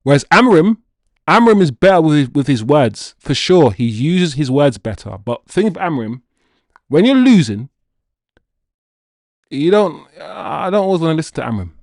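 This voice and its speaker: A man whose voice is on the high side talks at a moderate pace while hosting a football livestream. Reading viewers' comments and addressing chat directly, he stays casual, animated, and playful; the sound is studio quality with no room sound.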